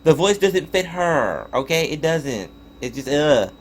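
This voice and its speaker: A young man reviews a show in a loose, exasperated rant, full of swearing and stumbling restarts. His voice sits somewhat high for a man and swings widely up and down as he talks. He sounds fed up. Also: big pitch swings, unhurried, a little hiss or hum. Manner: profane, exasperated ranting with frequent restarts. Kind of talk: casual spoken review.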